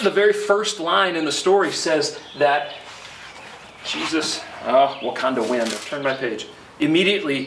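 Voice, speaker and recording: A middle-aged man preaching a conversational sermon, pausing now and then with fillers, recorded outdoors. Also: on the high side, gravelly. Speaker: pastor. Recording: roomy, from a distance, faint outdoor noise.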